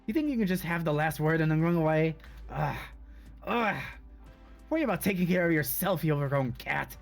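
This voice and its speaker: A man's voice: a little high, lively intonation, brisk, gravelly, faint music behind. A man voicing a prickly, proud schoolgirl who gets snappish and defensive while reading a game's dialogue aloud. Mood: indignant. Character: prickly proud schoolgirl hiding her hurt.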